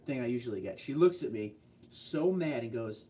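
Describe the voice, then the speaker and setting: A man's voice: medium pitch, lively intonation, mellow, far from the mic. Chatty guy, set back from the mic. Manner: chatty, rambling storyteller with quick asides. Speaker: livestream host reading viewer chat. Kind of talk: casual livestream chat.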